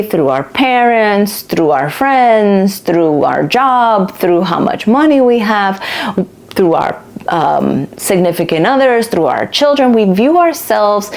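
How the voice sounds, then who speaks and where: A woman's voice: medium pitch, a little mellow. A woman hosting a casual spiritual self-help talk, speaking candidly and chattily, swearing now and then and acting out the people she quotes. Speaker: podcast host.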